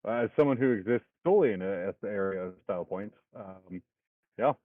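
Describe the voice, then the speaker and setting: A man calls a tabletop wargame with dry, laid-back humour. His voice sits fairly low. It sounds tinny and phone-like, with no room echo. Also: animated, fairly quick. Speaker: tabletop game co-commentator. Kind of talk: casual live game commentary.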